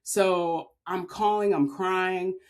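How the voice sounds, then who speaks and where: A woman's voice: on the low side, steady tone, slow pace. A woman from Maryland, a podcast guest, telling a personal story in an earnest, heartfelt way with frequent filler words. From Maryland, USA.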